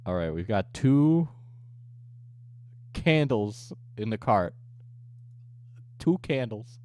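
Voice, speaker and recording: Lively, swearing male streamer. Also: fairly low pitch, takes it slowly. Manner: profane, joking rants with frequent laughter. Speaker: livestreamer; coffee business owner. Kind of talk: casual livestream chat.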